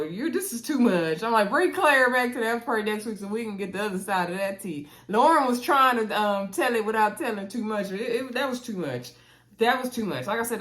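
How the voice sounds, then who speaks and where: Speaking in a mid-range voice, a woman recaps a reality show in a relaxed, talkative and lively way. When she quotes people, she performs the lines with playful voices.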